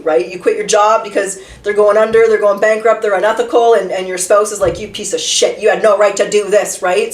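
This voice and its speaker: A woman giving a casual tarot reading, talking chattily with lots of rhetorical questions and the odd swear word. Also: medium pitch. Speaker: tarot reader. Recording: roomy echo, voice a bit far from the mic.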